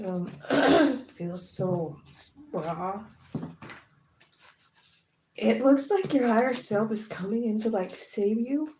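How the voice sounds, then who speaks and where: A woman's voice: medium pitch, dark tone, slight background noise. A woman giving a casual tarot reading, talking frankly with swearing and lots of filler words. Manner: frank and profane, many fillers. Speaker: tarot reader. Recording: roomy echo.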